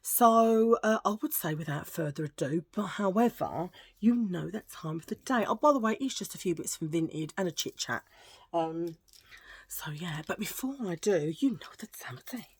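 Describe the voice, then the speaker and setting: A middle-aged woman chatting casually to camera as a vlogger, playful and prone to hushed asides. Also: on the low side, expressive, normal speed, breathy edge, no room sound.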